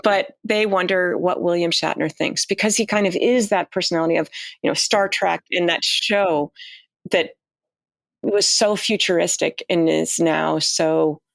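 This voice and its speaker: A woman guest in casual conversation, telling stories in a chatty, animated way with frequent restarts. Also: fairly low pitch, a little slow, gravelly, no room sound. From United States. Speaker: astronaut guest.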